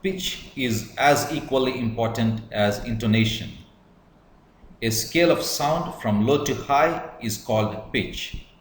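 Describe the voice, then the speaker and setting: A man giving a measured lecture on public speaking, stressing words to demonstrate emphasis. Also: mid-range voice, echoey room, a little hiss or hum, poor audio. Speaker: English teacher. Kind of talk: slow deliberate lecture.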